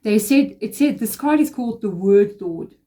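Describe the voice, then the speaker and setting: A woman's voice: mid-range voice, expressive, normal speed, warm tone. A woman giving a casual tarot reading, rambling and confiding with emotional asides. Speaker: tarot reader.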